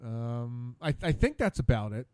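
A man's voice: medium pitch, big pitch swings, moderate pace, a little mellow, clean tone, no echo. A man hosting his own radio show, rambling casually alone at a studio mic, stammering and repeating words in exasperation.

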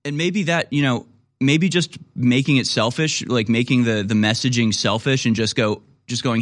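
A man's voice: mid-range voice, normal speed, dry recording, studio quality. A man hosting a talk radio show, rambling in a casual monologue and now and then acting out other people.

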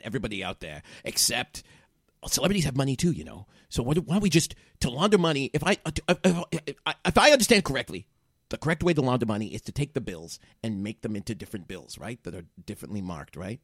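A man voicing a scheming, bumbling male manager who rambles and bursts into shouting. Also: medium pitch, big pitch swings, fast, vocal fry, dry recording, studio quality, heavily acted.

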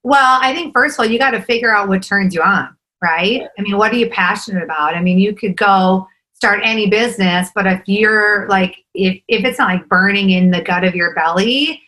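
Bright-voiced enthusiastic woman guest. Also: mid-range voice, moderate pace, few pauses, rough recording. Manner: enthusiastic, fillers like "right?" and "like". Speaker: podcast guest, entrepreneur. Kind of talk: casual interview chat.

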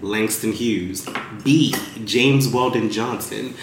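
Male co-host, playful quiz reader, echoey room, faint noise behind. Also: fairly low pitch. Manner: playful, laughs often, reads quiz options slowly. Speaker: podcast co-host reading quiz questions. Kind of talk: casual chat.

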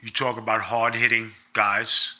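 A man's voice: lowish voice, flat delivery, measured pace, pushed and bright. A man being interviewed, talking in a blunt, emphatic way and swearing freely. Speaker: interview guest, former pro wrestler. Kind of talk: casual interview storytelling.

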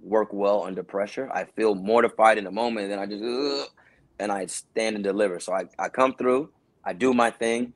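Man, husky voice, dry close sound, casual animated storytelling, interview guest. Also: lowish voice, fairly quick, no room sound. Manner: animated, acts out other people's lines. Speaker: guest actor telling a career story.

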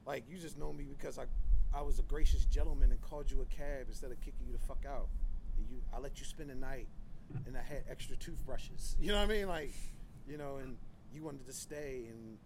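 A man chats as a guest on a casual podcast, his voice sitting at an ordinary middle pitch. He tells blunt, profanity-laced stories in a meandering, conversational way. A constant background noise runs beneath his voice. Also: a little fast, vocal fry. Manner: candid, profane storytelling; loose, conversational, frequent "like" and "you know".

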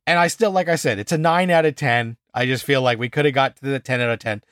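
A man co-hosting a podcast in casual chat, animated and exasperated, swearing freely and acting out scenes as he reviews an episode. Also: medium pitch, fast talker, dry recording, clean studio sound.

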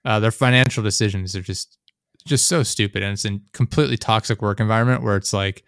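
A young man chatting casually, rambling and sarcastic, often mimicking people in high mocking voices. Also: fast, fairly bright tone, smooth, no room sound, clean studio sound. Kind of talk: casual chat.

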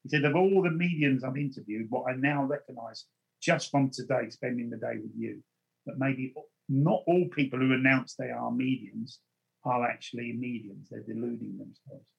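A man, a medium, telling stories and giving advice in an interview in an earnest manner, slowing down to stress his points. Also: medium pitch, vocal fry, husky, dull audio. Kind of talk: anecdotal storytelling in an interview.

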